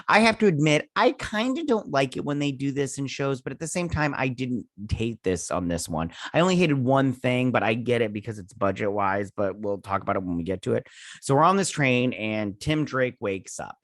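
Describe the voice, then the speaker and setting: A man's voice: mid-range voice, a bit bright, no room sound, clean studio sound. A man in his thirties giving a casual, rambling recap and review of a TV episode, full of fillers and paraphrased scenes, sounding a bit sleepy. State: sleepy, yawning. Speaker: show reviewer.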